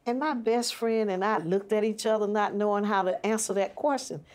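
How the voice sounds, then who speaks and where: A woman's voice: medium pitch, moderate pace, darkish tone. A woman interviewee recounting a childhood memory as a vivid, detailed storyteller. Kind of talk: storytelling recollection.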